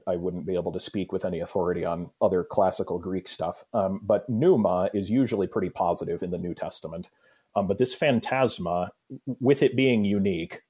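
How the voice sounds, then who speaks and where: A male pastor leads a Bible study discussion, explaining the Greek behind a passage. His voice sits low and sounds somewhat husky. He thinks aloud, pausing with fillers and circling back mid-sentence. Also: a little mellow. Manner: thoughtful, explanatory, pauses with fillers.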